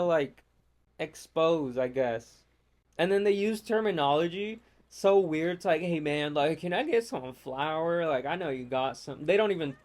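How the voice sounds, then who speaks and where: Rambling, foul-mouthed man gaming. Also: sits high. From United States. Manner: rambling, profane, ranting. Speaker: gamer. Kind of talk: casual gameplay chat.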